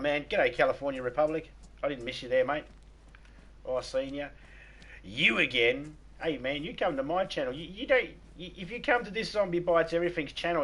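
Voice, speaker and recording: A man's voice: mid-range voice, a bit bright, slightly rough. A man with an Australian accent hosting a casual gaming livestream, rambling, repeating words and laughing at his own stories. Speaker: livestream host.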